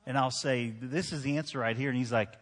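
A man in his thirties preaching to a congregation, easygoing and conversational, tossing in jokes and asking the room for agreement. His voice sits at a mid pitch. It rings out with a long reverb off a large hall. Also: steady tone, a little fast. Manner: conversational, joking, asks the crowd "right?". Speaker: pastor. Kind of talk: sermon with personal stories. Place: church hall.

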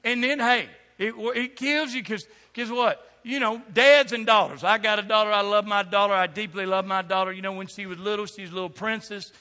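A middle-aged man preaches a sermon in a high, bright voice. He tells funny stories and stumbles through quick restarts as he works the congregation. His voice rings out with the long reverb of a large church hall. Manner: animated storytelling with humor and rapid restarts. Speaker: pastor. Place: church sanctuary before a congregation.

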